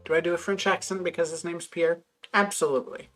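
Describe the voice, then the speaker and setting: A woman's voice: lowish voice, steady tone, quick pace, fairly bright tone, soft background music. Wry chatty woman streamer. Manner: wry, chatty, mutters to herself. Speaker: game streamer. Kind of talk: casual gameplay chat.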